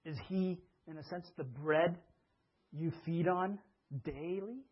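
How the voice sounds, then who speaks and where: A man preaching a conversational sermon, asking his listeners questions and sometimes acting out grumbling voices with a rising pitch. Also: slow, lo-fi sound. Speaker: pastor.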